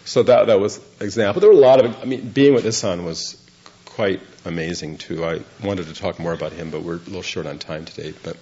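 In a low, warm voice and at a slightly fast pace, an older Zen monk delivers a storytelling dharma talk to a group. His tale is rambling and self-deprecating, and he laughs through the funny bits, captured on a dull lo-fi recording.

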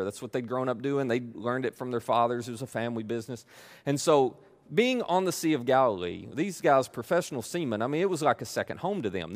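A man preaching a sermon in a conversational, animated way, acting out the pleas of people he quotes. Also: a little high. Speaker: pastor.

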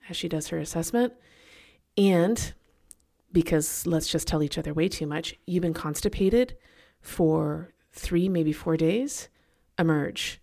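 A woman hosting a leadership podcast, telling a personal story in a chatty, animated way and laughing at herself now and then. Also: low-pitched, measured pace, creaky. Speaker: podcast host.

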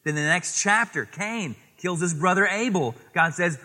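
A man preaching a sermon as pastor, lively and animated, quoting scripture and acting out little voices in his stories. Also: high voice, normal speed, few pauses, long reverb tail. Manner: animated, acts out voices in anecdotes, quotes scripture.

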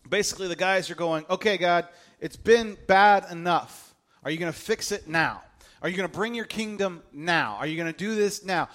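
A man's voice: on the high side, a little fast. A man preaching a sermon to a congregation in a casual, joking way, acting out voices as he tells the story. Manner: humorous, animated, acts out quoted voices. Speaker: pastor.

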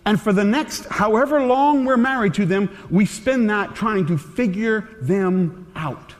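A man in his forties gives a sermon in an earnest, conversational tone, his voice sitting a little high for a man. He sometimes drops soft and tender, and the long reverb of a large hall trails after each phrase. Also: unhurried. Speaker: pastor.

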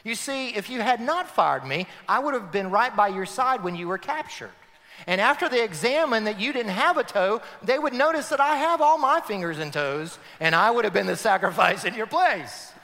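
A man's voice: high-pitched, animated, moderate pace, bright, forceful tone, pitched above the performer's own voice, full character voice. A preacher voicing an unflappable upbeat king's advisor. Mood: explaining. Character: cheerful male royal advisor, unflappably upbeat. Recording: long reverb of a large hall.

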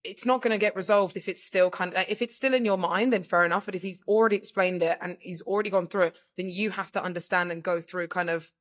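A woman's voice: lowish voice, fairly even intonation, fast talker, few pauses. A woman co-hosting a podcast, chatting casually and rambling with lots of fillers. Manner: rambling, filler-heavy, says "like" constantly. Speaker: podcast co-host. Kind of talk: casual chat.

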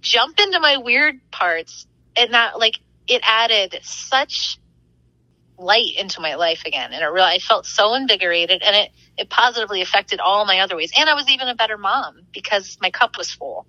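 A young woman, a podcast guest and author, chatting excitedly about her experiences and laughing often as she tells stories. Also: mid-range voice, moderate pace, no room sound, poor audio. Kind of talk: casual storytelling.

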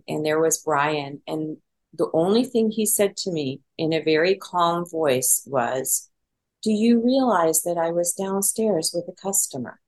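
A middle-aged woman with a low voice tells a personal story. She is candid and self-deprecating, and pauses often on fillers and restarts. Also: low-quality recording. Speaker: podcast guest.

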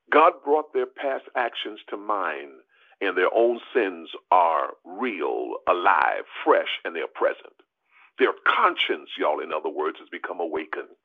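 A man, a pastor, preaching an animated sermon on a prayer call, calling out to listeners as y'all and rising high for emphasis. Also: breathy edge. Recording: tinny phone line.

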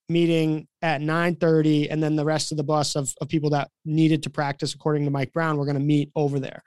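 A man's voice: on the high side, clear, resonant tone, dry recording, studio quality. Man telling a story on a podcast. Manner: animated, acts out quoted voices. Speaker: podcast co-host. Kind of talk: casual storytelling.

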